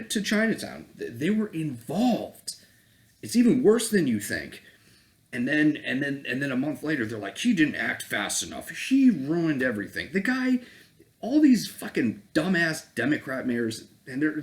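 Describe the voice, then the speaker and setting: A man from Connecticut in the US giving a heated, profane political rant, full of sarcastic mimicry. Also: medium pitch. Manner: profane, angry, swings into mocking voices. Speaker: political commentator. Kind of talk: heated ranting commentary.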